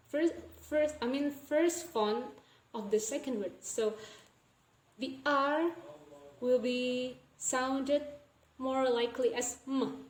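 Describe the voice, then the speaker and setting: A young woman with an Indonesian accent giving a recorded class presentation on phonology, repeating example words slowly to show how they sound. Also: on the high side, dark tone, echoey room, poor audio. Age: young adult. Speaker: student presenter.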